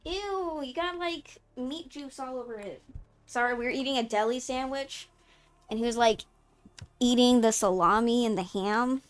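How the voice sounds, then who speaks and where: A woman streamer on a headset, reading game text aloud and reacting in an excitable, profane, giggly way. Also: a little high, normal speed, clear, resonant tone. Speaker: streamer playing a video game.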